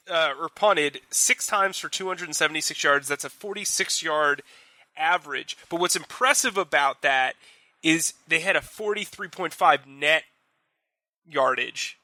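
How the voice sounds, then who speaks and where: A young man co-hosting a casual sports analysis chat, talking in quick animated bursts with frequent restarts. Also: a little high, dry recording. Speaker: sports reporter co-host.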